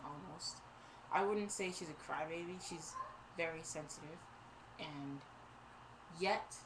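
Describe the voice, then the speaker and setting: A young woman telling a story from her college days in a casual vlog, animated and exasperated, sometimes laughing. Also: on the low side. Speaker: vlogger. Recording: steady background noise.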